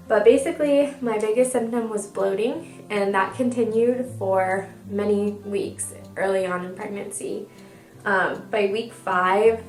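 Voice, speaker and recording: A young woman giving a chatty, upbeat pregnancy update, stuffed up from a cold and a little out of breath. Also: mid-range voice. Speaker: vlogger. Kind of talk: casual pregnancy update vlog. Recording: echoey room, mic at a distance.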